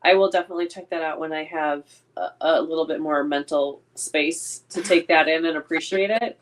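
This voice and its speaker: A woman's voice: low-pitched, steady tone, brisk. Playful teasing woman co-host. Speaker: podcast co-host. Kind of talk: casual chat.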